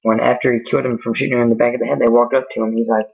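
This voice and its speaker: A man tells a spooky war story off the cuff, rambling and restarting often. His voice is fairly flat and mid-pitched. The audio is tinny, like a phone line. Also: racing, creaky, hardly any pauses, slightly rough. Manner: rambling, many fillers and restarts. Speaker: amateur storyteller. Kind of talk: casual improvised storytelling.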